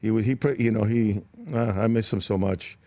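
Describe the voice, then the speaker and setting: A man's voice: on the low side, fairly quick, no echo. An older male actor, a guest on a studio talk show, telling stories and acting out the voices of the people in them. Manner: animated anecdotes, acts out quoted voices. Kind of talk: interview storytelling.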